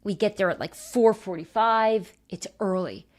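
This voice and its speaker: Podcast host, woman in her thirties, animated and quick to laugh, mid-range voice. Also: medium pitch. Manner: animated storyteller, laughs often. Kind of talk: casual chat.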